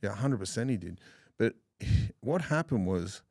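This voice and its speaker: A man's voice: fairly low pitch, lively intonation, moderate pace, a little mellow, dry recording, clean studio sound. A middle-aged man with an Australian accent, telling blunt, profane stories as a guest in a casual interview.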